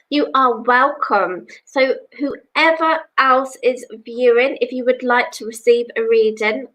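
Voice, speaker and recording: Rambly english lady doing a psychic live stream from home, fairly high voice, lots of "you know". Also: a bit bright, rough recording. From England. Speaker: psychic reader. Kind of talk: live-stream chat with viewers.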